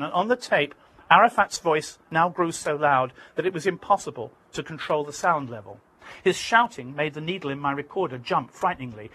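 British man reading his memoir, husky. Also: on the high side, bright, forceful tone, low-quality recording. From Britain. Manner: vivid, emphatic storytelling. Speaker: author reading his book.

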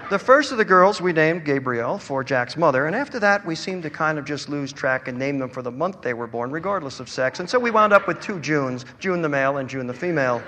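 A man's voice: a little high, a little fast, few pauses, a little hiss or hum. Man reading fiction in a reverberant hall. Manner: wry, expressive storytelling. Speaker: author reading his story. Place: event hall.

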